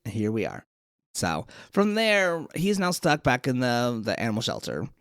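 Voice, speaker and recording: Animated podcast co-host, dry room sound. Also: male voice, medium pitch, clean tone, no room sound. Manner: animated, acts out characters' lines in quick voices. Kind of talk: casual chat recapping a TV episode.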